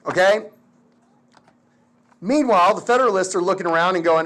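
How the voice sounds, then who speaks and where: A man teaching history in a casual, slangy, animated lecture full of filler words. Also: sits high, normal speed, long pauses. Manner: slangy, animated, lots of "like" and "dude".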